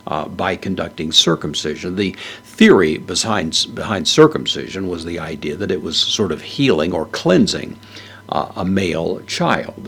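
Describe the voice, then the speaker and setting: Man, very low voice, Bible teacher, methodical Greek exegesis lecture, hesitant fillers. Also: creaky, fairly bright tone, breathy edge. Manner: methodical, parses words with frequent "uh" fillers.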